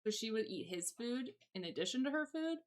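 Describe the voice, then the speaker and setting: A young woman with a light Southern twang streams from home, chatting loosely and rambling as she reads her chat aloud and responds on the fly. Her voice is fairly high, very animated and fairly quick. She speaks naturally into a desk microphone for this casual livestream.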